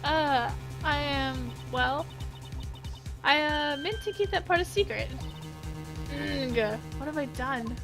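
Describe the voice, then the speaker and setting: A flustered young woman witness who stammers and trips over her excuses, high and bright, as a woman reads her lines from a game. Game music plays underneath. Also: slow pace. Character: young female spirit-medium witness, flustered. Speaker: game reader.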